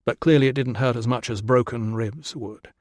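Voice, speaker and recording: A man reading a historical novel as audiobook narration, steady storytelling in a close studio recording. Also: mid-range voice, normal speed, dry recording. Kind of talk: scripted narration.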